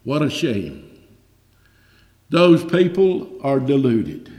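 A man preaching a sermon with passion, surging loud and high, then dropping low. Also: wildly swooping pitch, slow pace. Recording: echoey hall reverb.

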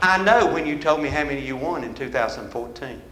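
An older man preaching a revival sermon in a church, folksy and shouting, calling for amens from the congregation. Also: medium pitch, expressive, fairly quick, reverberant, rough recording. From American mountain South. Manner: folksy, shouting, call-and-response. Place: church sanctuary.

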